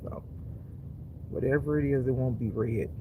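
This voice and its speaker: A tired man chatting casually to viewers on a live stream from his phone, animated and laughing often as he talks. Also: mid-range voice, normal speed, noisy background. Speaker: spiritual reader streaming live.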